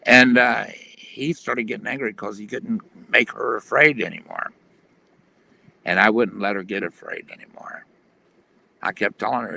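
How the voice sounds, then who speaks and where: A man's voice: lowish voice, moderate pace, sharp tone. A man telling his personal testimony in an earnest, plain-spoken way on a video call. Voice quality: gravelly.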